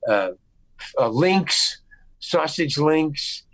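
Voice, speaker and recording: Man from the United States, lively storyteller, slightly high voice, dry sound, video call interview. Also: very slow, no echo, rough recording. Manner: animated anecdote-telling with restarts and acted-out quotes. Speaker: guest actor.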